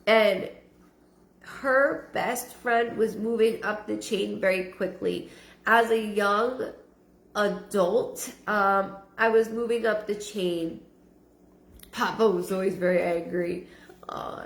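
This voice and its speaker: A woman giving a live-streamed psychic reading, halting and repeating her words with frequent ums. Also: mid-range voice, steady tone. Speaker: psychic medium. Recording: roomy echo.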